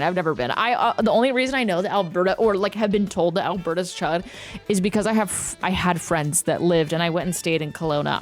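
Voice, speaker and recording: Chatty woman streamer, lively pitch. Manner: chatty, swears freely, jokes and teases. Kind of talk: casual chat with viewers.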